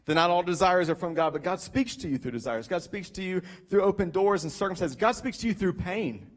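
A male pastor preaching a sermon, an animated storyteller who jokes at his own expense, speaking into a stage mic. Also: high-pitched, brisk.

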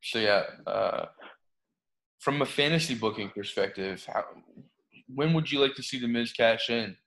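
A man's voice: medium pitch, normal speed, a bit bright. Easygoing man co-hosting a podcast. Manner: easygoing, steers the talk. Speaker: podcast co-host. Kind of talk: casual chat about pro wrestling.

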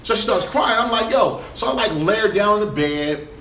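A man on a podcast, telling a story in an animated, profane way and laughing as he goes. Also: high-pitched, fairly quick, roomy sound, a little hiss or hum. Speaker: podcast guest. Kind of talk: storytelling, casual chat.

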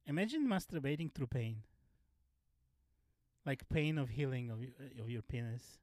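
A man who is a podcast guest, telling personal stories in casual chat, halting and restarting often. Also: medium pitch, lively intonation, a little mellow, dry recording. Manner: halting, many fillers and restarts, frank.

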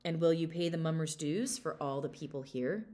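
A woman's voice: deep voice, normal speed, dark tone, close to an everyday voice. A woman playing a sly young servant lad. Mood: stern. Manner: sly, mock-innocent.

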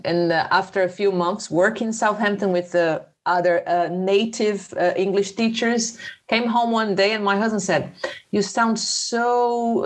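Woman, Portuguese speaker, casual chatty storytelling, mid pitch. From Brazil. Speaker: English teacher. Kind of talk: casual conversation.

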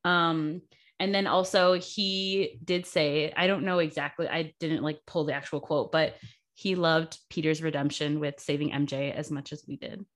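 A woman's voice: low voice, fairly even intonation, normal speed. A young woman co-hosting a casual podcast chat, giggly and chatty with lots of fillers. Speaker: podcast co-host.

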